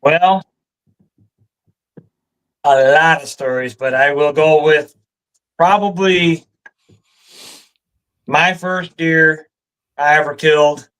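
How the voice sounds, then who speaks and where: Animated Michigan man telling a story. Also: fairly high pitch, slow, long pauses, smooth, poor audio. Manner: animated, laughing often. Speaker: guest storyteller. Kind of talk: casual storytelling.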